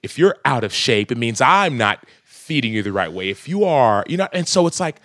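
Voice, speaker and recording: A man's voice: mid-range voice, sing-song, moderate pace, fairly bright tone, no echo, clean studio sound. A man in his thirties, a podcast guest talking earnestly and reflectively in casual conversation, often breaking into laughs.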